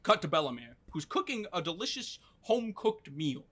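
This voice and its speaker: A young man hosting a podcast, recapping an anime story in a casual, animated way, briefly acting out characters and swearing. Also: high voice, normal speed.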